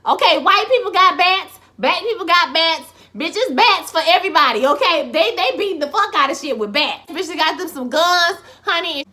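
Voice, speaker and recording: A woman giving a sassy, expressive, profane recap of a TV episode. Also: extremely high pitch, moderate pace, few pauses. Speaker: TV recap vlogger.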